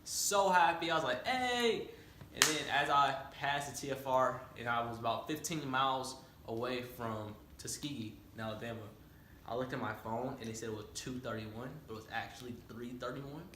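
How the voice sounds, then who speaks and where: A man, a student pilot, telling a story in a casual way, rattling off radio calls in quick aviation jargon and explaining the terms. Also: mid-range voice, sharp tone, reverberant, slight background noise. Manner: explains terms to a listener, often asking "right?".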